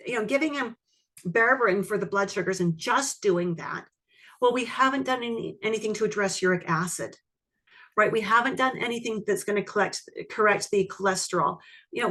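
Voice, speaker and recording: Brief: woman educator, lively webinar teaching, frequent audience check-ins. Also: medium pitch. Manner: animated, asks the audience questions. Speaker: iridology educator. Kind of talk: webinar teaching with case story.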